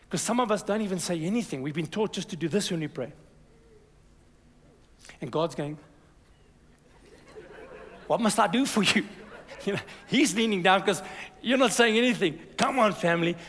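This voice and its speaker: A high-pitched male pastor preaches with lively energy, urging the congregation on and asking for their "amen." His voice rings through a church hall with a long, reverberant tail. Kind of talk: sermon.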